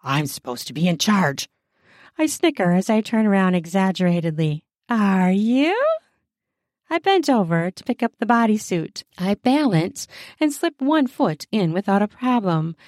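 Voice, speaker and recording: A woman's voice: medium pitch, sing-song, moderate pace, darkish tone, no room sound, studio quality. A woman narrating a first-person adult romance audiobook in a playful, teasing way.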